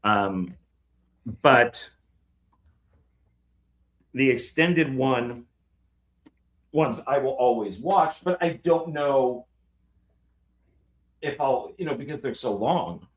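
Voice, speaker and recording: A man co-hosting a casual film discussion, talking in an animated way, swearing freely and laughing often. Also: medium pitch, extremely slow, pauses often. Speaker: film podcast co-host.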